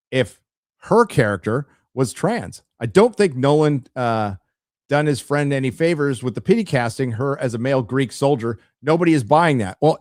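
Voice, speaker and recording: A man's voice: medium pitch, a little mellow, no echo, studio quality. A man hosting a live show, giving blunt, opinionated commentary to his chat, with frequent stammered restarts. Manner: addresses chat directly. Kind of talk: casual opinionated livestream commentary.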